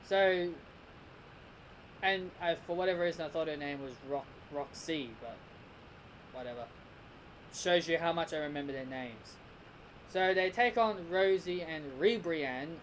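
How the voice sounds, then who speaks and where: A man's voice: fairly high pitch, measured pace, a bit bright, a little hiss or hum, poor audio. A man casually reviewing a cartoon episode, rambling and restarting his sentences. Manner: rambling, with many restarts and repeated "and".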